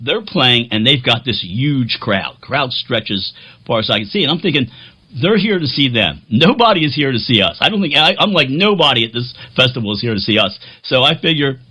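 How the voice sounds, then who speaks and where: A man rambles through a casual vlog story with self-deprecating jokes. His voice is bright and forward, and his pitch swoops around animatedly. He plays keyboards in a band. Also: breathy edge.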